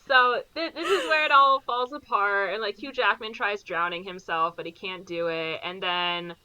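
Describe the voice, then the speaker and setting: A woman's voice: mid-range voice, sharp tone, clear, resonant tone, no room sound, poor audio. A woman co-hosting a podcast, casually recapping a movie plot in a rambling way, full of "like" fillers. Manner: rambling, fills every pause with "like". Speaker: podcast co-host.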